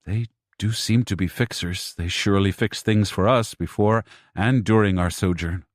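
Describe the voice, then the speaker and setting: A man's voice: on the low side, moderate pace, no echo, studio quality, close to an everyday voice. A man voicing an anxious young wife and mother whose first language is Spanish, speaking earnestly in an audiobook.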